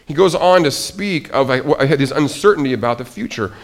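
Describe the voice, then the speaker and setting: A middle-aged man preaching a sermon as pastor, swinging between quiet, almost whispered asides and loud, excited exclamations, often restarting his phrases. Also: mid-range voice, normal speed, few pauses.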